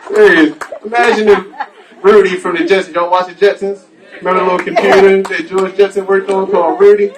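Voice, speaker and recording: A man's voice: high-pitched, level tone, a little fast, noisy background. A man doing a stand-up comedy set on a club stage, crude and playful with the audience. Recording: distant mic with music behind.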